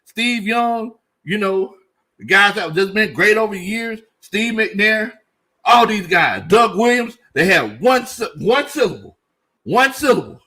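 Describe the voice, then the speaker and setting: A man hosts a loose sports talk stream, his voice pitched high and swinging widely up and down. He jokes as he goes and hammers his points home by repeating them, in a bright, forceful tone. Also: unhurried. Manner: animated, joking, repeats himself for emphasis. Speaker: sports show host. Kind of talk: casual sports commentary livestream reading chat.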